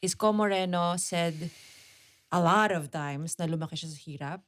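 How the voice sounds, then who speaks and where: A woman's voice: lowish voice, moderate pace, dry recording, studio quality. A woman with a Filipino accent co-hosting a podcast in casual chat, mixing English and Tagalog with giggly asides. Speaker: podcast co-host. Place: podcast studio.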